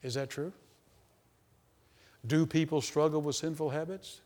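A man preaching a sermon, emphatic and repetitive, swinging between loud stresses and hushed asides. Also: on the high side, fairly even intonation, unhurried, long reverb tail.

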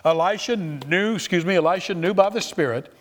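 A man's voice: high voice, fairly quick. A man preaching a sermon, reading scripture and acting out the quoted voices with lots of repetition. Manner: animated, repeats phrases, acts out quoted voices.

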